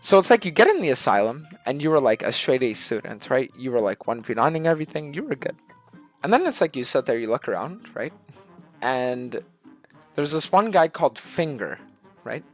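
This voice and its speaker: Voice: medium pitch, very animated, fairly quick, faint music behind. A gaming streamer telling a rambling, profane story in casual chat, acting out other people's voices along the way. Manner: swears constantly, acts out voices mid-story.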